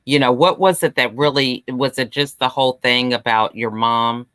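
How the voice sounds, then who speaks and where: A woman's voice: very deep voice, fairly even intonation, normal speed, fairly bright tone, no room sound, studio quality. A woman hosting an interview podcast, asking follow-up questions and encouraging her guest. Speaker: podcast host. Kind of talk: casual interview.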